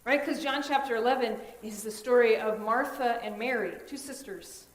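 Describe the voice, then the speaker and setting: Woman pastor preaching, high voice, talks to the room like friends, big pauses, echoey church. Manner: earnest, conversational preaching with dramatic pauses. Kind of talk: sermon. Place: church sanctuary.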